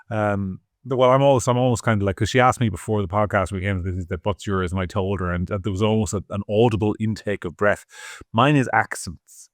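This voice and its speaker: A man's voice: lowish voice, fairly even intonation, brisk, dry recording, clean studio sound. A man with an Irish accent co-hosting a podcast, hesitant and defensive with stammering restarts. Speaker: podcast co-host. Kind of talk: casual podcast chat.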